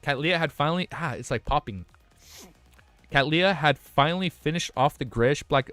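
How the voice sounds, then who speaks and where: A young man streaming, reading a web novel aloud and breaking off to react in excitable, slangy, profane bursts. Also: on the high side, brisk, no room sound.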